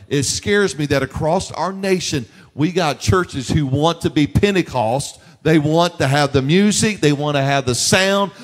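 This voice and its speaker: A male preacher delivers an emphatic sermon in a fairly high voice, hammering his points through repetition. His voice rings with the long reverb of a church sanctuary. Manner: emphatic, repetitive, building intensity.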